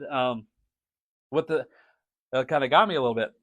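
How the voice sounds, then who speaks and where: A middle-aged man hosting a podcast, telling a story in a casual, animated way, laughing often and restarting his sentences. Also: on the high side, moderate pace, pauses often, dry recording. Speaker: podcast host and drum teacher.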